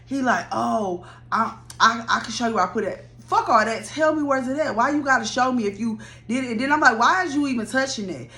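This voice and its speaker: A young adult woman telling a casual story time, blunt and animated, swearing freely and talking straight to her viewers. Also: fairly high pitch, fairly quick, hardly any pauses.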